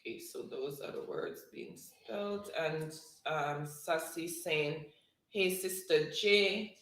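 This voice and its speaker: Slow-talking woman hosting a livestream. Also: low-pitched. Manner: warm thanks, slow word-by-word calling of spelling words. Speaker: livestream host. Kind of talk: reading live chat and hosting a spelling game. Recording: roomy echo.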